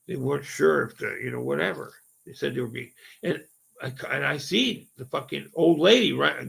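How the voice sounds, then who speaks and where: A man's voice: on the high side, vocal fry, pushed and bright, slightly rough. A man rambling through a personal ghost story in casual talk, profane and full of fillers like "right?" and "okay?". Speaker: paranormal storyteller.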